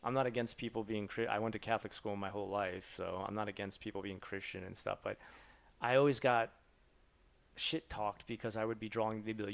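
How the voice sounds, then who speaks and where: A man's voice: fairly low pitch, fairly even intonation, brisk, vocal fry. A man from Florida in his thirties or forties, hosting a casual live Q&A, rambling and swearing freely as he tells stories. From Florida, USA. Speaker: live stream host answering questions.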